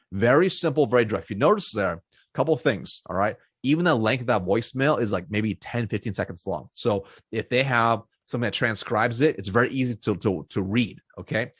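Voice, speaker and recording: Male sales coach, husky mid-range voice, dry close recording, plain direct delivery. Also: mid-range voice, expressive, a little fast, dry recording. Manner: direct, repeats points, many okays and all rights. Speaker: sales trainer. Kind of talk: casual teaching to camera.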